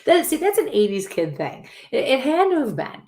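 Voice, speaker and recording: A woman's voice: sits high, sing-song, moderate pace, darkish tone. Brief: woman co-host, forties, chatty, laughs easily, everyday conversational tone. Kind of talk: casual chat.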